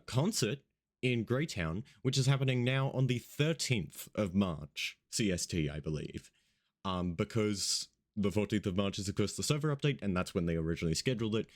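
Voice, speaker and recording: Casual male radio host, just woken up, rambling and swearing, low-pitched. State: just woke up, yawning. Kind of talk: casual radio show chat.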